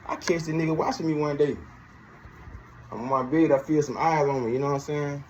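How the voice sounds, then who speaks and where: A man's voice: a little high, steady tone, brisk, a little mellow, slight background noise, poor audio. A man from Georgia, telling his story casually and profanely, acting out both sides of each conversation. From Georgia, USA.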